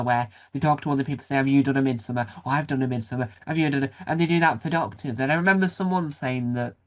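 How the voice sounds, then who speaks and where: A man hosting a casual interview, asking long, rambling questions and adding short "yeah"s along the way. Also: on the high side. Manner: chatty, rambling questions, frequent short backchannels. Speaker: interviewer, host.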